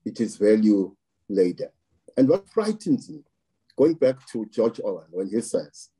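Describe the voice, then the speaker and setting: Slow, dark-voiced South African analyst. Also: male voice, lowish voice, very animated, breathy edge, low-quality recording. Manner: slow and deliberate, weighing words, occasional restarts. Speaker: political analyst. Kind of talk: interview commentary.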